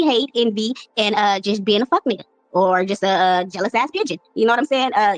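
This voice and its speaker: A woman's voice: mid-range voice, no echo. A woman from Compton chatting in an interview, laid-back and peppering her talk with "you know what I'm saying". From Compton, California. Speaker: interview guest. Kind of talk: casual interview chat.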